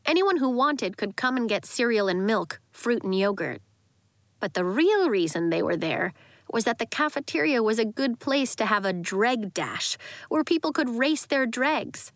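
A woman narrating a children's story in a lively, expressive way. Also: a little high, moderate pace, dry recording. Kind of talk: audiobook narration.

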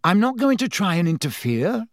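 A man's voice: high voice, sing-song, normal speed, no echo, studio quality, voice pushed up. Brief: keyed-up schoolboy wizard, voiced by a man, stubborn and urgent, storybook reading. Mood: pleading. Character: restless, determined teenage boy wizard.

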